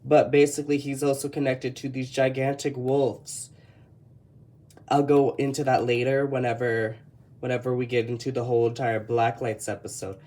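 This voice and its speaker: Flipping through an old sketchbook, an artist with a Texan accent offers chatty, meandering commentary and keeps correcting themselves. Their medium-pitched voice is warm, with a flat delivery at normal speed.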